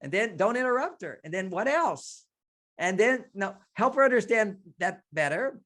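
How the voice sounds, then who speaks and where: An older man, a relationship expert on a radio interview, explaining ideas through lively stories and acted-out quotes. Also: high-pitched, normal speed. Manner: animated storyteller, acts out quotes, laughs often.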